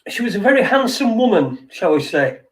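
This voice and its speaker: A man's voice: high voice, sing-song, fairly quick. A middle-aged man, rambling in sweary, wry late-night chat as a podcast host, heard from a little way off the mic. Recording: distant from the mic.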